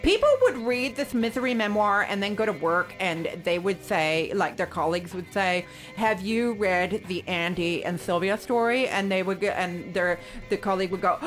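A woman's voice: medium pitch, normal speed, faint music behind. A woman in casual podcast chat, gushing with theatrical exaggeration. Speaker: podcast co-host.

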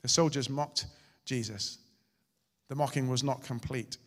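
A male pastor preaching a sermon, swinging between loud and hushed delivery. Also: medium pitch, fairly even intonation, a little slow. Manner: dramatic, shifting loud and soft. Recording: hall reverb.

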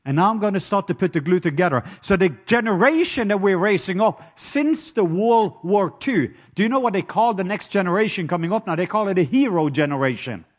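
A man's voice: sits high, expressive, brisk, few pauses. A man with a Norwegian accent preaching a sermon, telling stories and joking with the congregation. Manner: storytelling, playful asides to the congregation.

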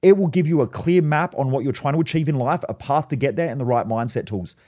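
A man's voice: medium pitch, fast, dark tone. A man, hosting a podcast and giving a blunt motivational monologue full of swearing and personal stories. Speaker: podcast host.

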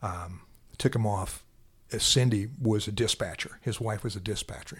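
A man in law enforcement telling a painful personal story in an interview, halting and repeating himself. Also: on the low side. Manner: halting, repeats words, quiet and heavy then louder when animated.

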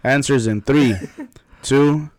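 A man hosting a casual quiz among friends, playful and laughing often, reading out the answer options slowly. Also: medium pitch, darkish tone, dry recording. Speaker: quiz host.

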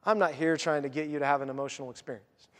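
A man's voice: fairly high pitch, fairly even intonation, very fast, in a large hall. A man preaching a sermon as a pastor, earnest, and voicing the people he quotes.

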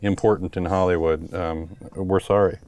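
A man's voice: low-pitched, steady tone, normal speed, a little mellow, no room sound. A man co-hosting a podcast, chatting casually and rambling with frequent laughs. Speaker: podcast co-host. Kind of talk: casual chat.

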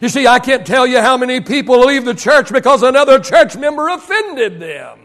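A man's voice: very high-pitched, animated, moderate pace, fairly bright tone. A male pastor preaching a sermon to his congregation, repeating key phrases for emphasis. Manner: preaching with emphatic repetition, leading the congregation in call-and-response. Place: church service.

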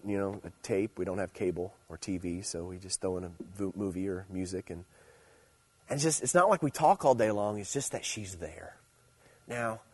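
A young man giving a relaxed, conversational sermon, telling stories about home life and then preaching with growing energy. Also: fairly low pitch, breathy edge. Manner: conversational storytelling, animated and playful when preaching. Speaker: youth pastor. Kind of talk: casual sermon.

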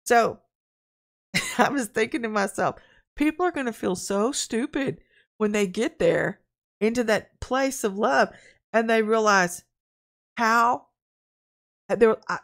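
A woman preaching an informal online sermon, talking frankly and conversationally and telling lively stories from her own life. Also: mid-range voice, unhurried, long pauses. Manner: candid, conversational, animated storytelling. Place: at home, in front of a camera.

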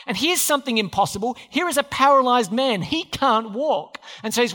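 A man's voice: very high-pitched, lively intonation, fairly quick, few pauses, bright, forceful tone. A man preaching a sermon in a church, talking conversationally and quizzing the congregation with questions. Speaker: pastor. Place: church hall. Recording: hall reverb.

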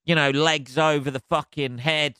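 A man delivers a solo podcast rant in a bright, fairly high voice, peppering every line with swearing and laughter. His tone is crisp and clean, and the sound is close and dry. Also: normal speed, no echo. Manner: sweary, animated, laughs a lot. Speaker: podcast host.

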